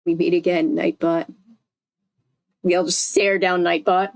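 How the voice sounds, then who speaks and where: A woman's voice: fairly low pitch, little pitch movement, unhurried, creaky. A young woman reading a novel aloud on a live stream in a chatty way, stopping to correct herself and talk to her chat. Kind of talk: casual live read-aloud.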